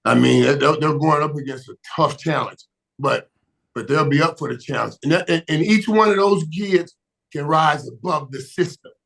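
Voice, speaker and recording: Guest spot: excitable high-pitched man, repeats himself, punches words hard. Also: normal speed, creaky. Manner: emphatic, repeats words, shouts for emphasis, laughs often. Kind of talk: animated sports talk.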